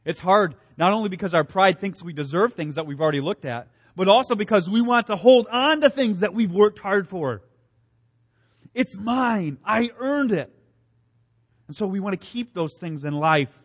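Earnest preacher with a high voice. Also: male voice, lively intonation, brisk, hardly any pauses. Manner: earnest, emphatic, with rhetorical questions and repeated phrases. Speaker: pastor. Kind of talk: sermon.

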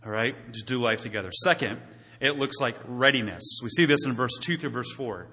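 A man's voice: medium pitch, fairly quick, sharp tone, big-room sound. A male pastor preaching a sermon in a church sanctuary, talking conversationally and putting questions to the congregation.

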